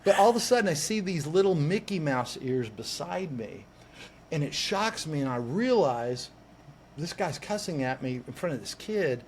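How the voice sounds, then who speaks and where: A man with a slightly raised speaking pitch tells a story as a guest, animated and quick to act out the voices of the people in it. He often restarts words mid-phrase, and his delivery rises and falls as he goes. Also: a little hiss or hum. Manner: lively, acts out quoted voices, restarts words. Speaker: executive coach, guest. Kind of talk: animated personal storytelling in conversation.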